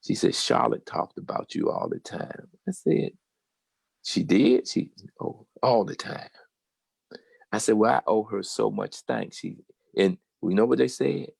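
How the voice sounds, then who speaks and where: An older man with a Southern drawl tells a story, and his low voice sounds gravelly with heavy fry. His tone is husky and a little raspy, and he acts out the people he quotes with lively energy. The sound is dry and close. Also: unhurried, no echo. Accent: Southern American. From Virginia. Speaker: guest storyteller. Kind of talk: casual storytelling.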